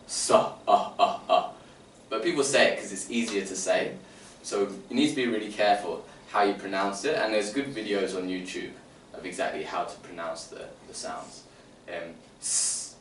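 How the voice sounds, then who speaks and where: A man presenting phonics teaching to other teachers, sounding out letters and explaining step by step. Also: lowish voice. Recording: roomy, distant mic, faint room noise.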